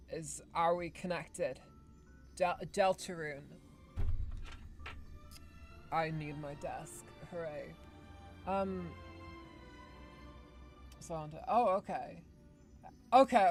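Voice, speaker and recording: Playful woman streamer. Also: lowish voice. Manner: playful, hyped game-show-host delivery with restarts. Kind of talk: casual livestream chat.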